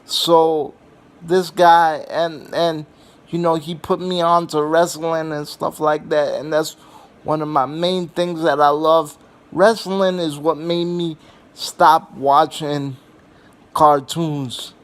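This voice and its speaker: A man's voice: a little high, level tone, takes it slowly. A young adult man telling funny family stories in a casual, rambling way, swearing freely and filling gaps with "you know" and "um.". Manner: rambling and profane, with many fillers and restarts. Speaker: vlogger. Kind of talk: casual comedic storytelling.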